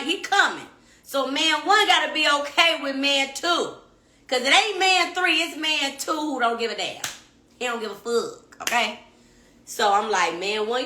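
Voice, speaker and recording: A young woman hosts a podcast, telling her story in a blunt, profane, animated way. Her voice is bright and forward. The room around her is echoey. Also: a little high. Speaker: podcast host. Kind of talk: casual storytelling monologue.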